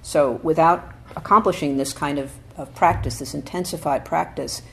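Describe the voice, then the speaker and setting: Low-voiced woman giving a dharma talk. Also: gravelly, a little hiss or hum. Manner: thoughtful, often checks in with "right?"; reads quotations slowly and with emphasis. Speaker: Zen teacher.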